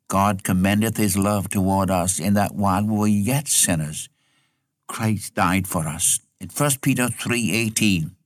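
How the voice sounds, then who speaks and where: A man delivers a sermon in an earnest, unhurried way, repeating key phrases and dropping low as he quotes scripture. His voice sits on the lower side and the recording is dry and close. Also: no echo. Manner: earnest, repetitive, quotes scripture slowly for emphasis. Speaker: preacher.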